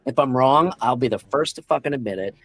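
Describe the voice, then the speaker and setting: A man's voice: medium pitch, brisk, a bit bright, breathy edge, no echo, faint music behind. A man co-hosting a tabletop gaming podcast, arguing passionately and swearing a lot in casual discussion. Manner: impassioned and profane, lots of swearing. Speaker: podcast co-host.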